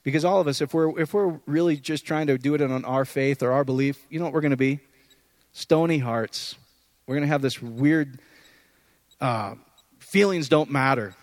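A man's voice: medium pitch, normal speed, no room sound. A man preaching an informal, conversational sermon, often checking in with his listeners. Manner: conversational, animated, often asks "does that make sense".

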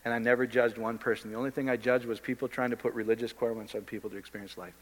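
A man's voice: mid-range voice, level tone, very fast. A man preaching an informal sermon in a blunt, impassioned, conversational way, often addressing the listeners directly. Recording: long hall reverb.

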